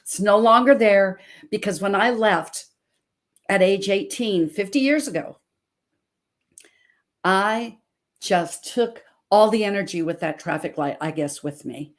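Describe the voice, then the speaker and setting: A woman's voice: medium pitch, measured pace. A woman in her sixties from Montana, hosting an inspirational talk show as a health coach, emphatic and preacherly as she tells stories. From Montana, USA. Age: 60s. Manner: emphatic, preacherly, animated storytelling.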